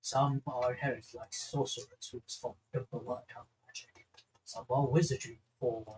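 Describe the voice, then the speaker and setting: A man voicing a magic teacher who recites a lesson in a halting way. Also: mid-range voice, noisy background, lightly acted. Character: lecturing magic teacher, plain and matter-of-fact.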